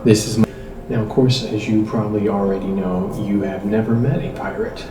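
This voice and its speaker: A man's voice: lowish voice, normal speed, noisy background. A man hosting a mock-serious comic tutorial, explaining things in a lecturing tone. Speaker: host. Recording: roomy, distant mic with music.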